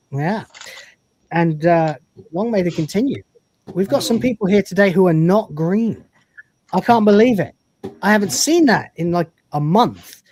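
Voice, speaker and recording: A man's voice: high voice, a little slow, a little hiss or hum. Jokey man reading donations. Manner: jokey, laughing, animated reading of messages. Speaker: livestream co-host reading donations. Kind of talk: casual chat.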